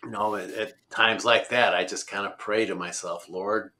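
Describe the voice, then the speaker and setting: Guest storyteller: man, lowish voice, bright tone, rambling, lots of fillers. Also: steady tone, normal speed, slight background noise. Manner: rambling, many fillers and restarts. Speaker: road-trip traveler guest. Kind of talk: conversational storytelling.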